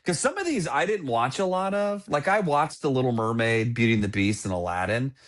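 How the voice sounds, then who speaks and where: A man's voice: mid-range voice, animated, brisk. A man in his thirties, co-hosting a podcast, chatting enthusiastically and rambling. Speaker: podcast co-host. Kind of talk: casual chat.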